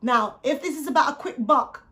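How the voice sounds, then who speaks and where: A woman's voice: high voice, moderate pace, a bit bright. A woman coaching her viewers in a faith-based talk, speaking straight to them with rhetorical questions and acting out the voices of people in the story. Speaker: Christian life coach.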